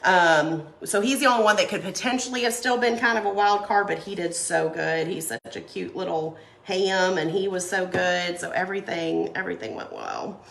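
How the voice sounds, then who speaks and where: A woman's voice: lowish voice, animated, moderate pace, vocal fry, hardly any pauses, fairly bright tone, reverberant. A woman who has a cold, chatting casually and laughing as she crafts and answers viewer comments. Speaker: craft livestream host. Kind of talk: casual chat while crafting.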